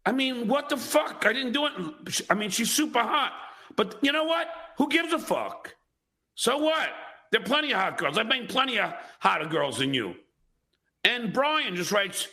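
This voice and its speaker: A man's voice: very high-pitched, sing-song, moderate pace, sharp tone. A man reading tweets aloud on his show, aggrieved and defensive, boasting as he rants. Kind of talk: indignant ranting while reading social media.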